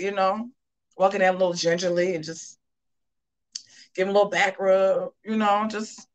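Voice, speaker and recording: A woman hosting a live gossip show, talking casually and sassily, with drawn-out asides to her viewers. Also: mid-range voice.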